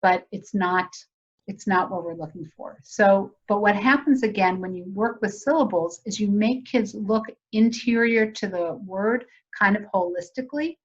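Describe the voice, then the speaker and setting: Woman presenter, mid-pitched, walks teachers through a method on a slightly muffled video call. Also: normal speed, husky. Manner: conversational, explanatory, asks audience questions. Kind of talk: virtual teacher training webinar.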